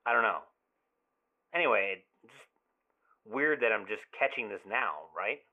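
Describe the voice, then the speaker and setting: A man's voice: on the low side, moderate pace, vocal fry. An actor playing an obsessive young man who leaves rambling, swearing, overly familiar voicemails in an audio drama. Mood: uneasy. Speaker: caller leaving voicemails. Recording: tinny phone-line voicemail.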